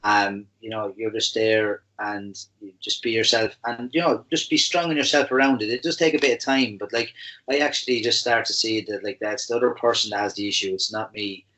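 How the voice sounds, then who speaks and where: Bright-voiced Irish man chatting casually. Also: on the low side, fairly even intonation, a little fast, poor audio. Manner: joking, easygoing, many fillers. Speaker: podcast co-host. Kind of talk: casual chat.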